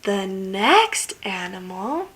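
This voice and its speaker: A young woman teaching toddlers animal sounds in a sing-song voice, with big gasps, cheerful praise and hushed whispers. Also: medium pitch, very animated, drawn-out words.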